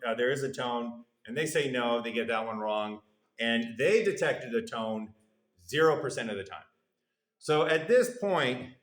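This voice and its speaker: A man lecturing in an echoey room, his voice of ordinary middle pitch. He explains step by step with a playful streak and drops his voice low and soft when he quotes what the test subjects answer. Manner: explanatory, playful, acts out subjects' replies in a lowered voice. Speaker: university lecturer. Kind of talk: classroom lecture. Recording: roomy echo.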